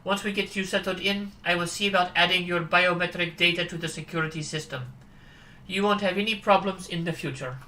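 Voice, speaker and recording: A woman's voice: fairly low pitch, steady tone, bright, forceful tone, rough recording. A woman doing a reserved German scientist. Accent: German (put on). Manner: measured, polite, guarded.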